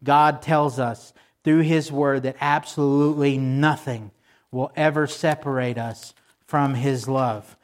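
A man with a fairly high voice delivers a sermon from the pulpit. He talks to his congregation in a relaxed, conversational way and checks in with them along the way. When he quotes scripture he slows down and leans on each word. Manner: conversational preaching, asks the congregation for responses. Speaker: pastor.

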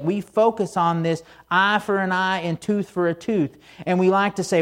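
Conversational preacher with a slightly high voice. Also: male voice, moderate pace, few pauses. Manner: casual, storytelling delivery with asides. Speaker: pastor. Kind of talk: conversational sermon.

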